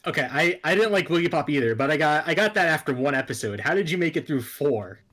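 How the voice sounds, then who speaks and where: A man chatting casually about anime, jokey and argumentative, swearing often. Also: on the high side. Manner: animated, jokey, swearing, quick to argue.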